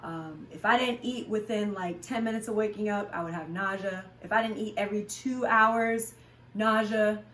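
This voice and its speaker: A woman's voice: medium pitch, moderate pace, fairly bright tone, slight background noise. Frank, chatty woman in a roomy space. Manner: frank and chatty, with many fillers. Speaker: fitness vlogger and class instructor. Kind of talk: candid casual chat. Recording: roomy sound, voice from a distance.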